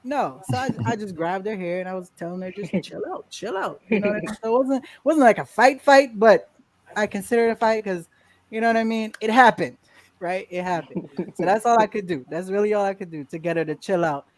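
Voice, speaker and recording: A woman guest in a casual interview, telling a lively story, acting out quotes and laughing often. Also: medium pitch, fast. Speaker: podcast guest.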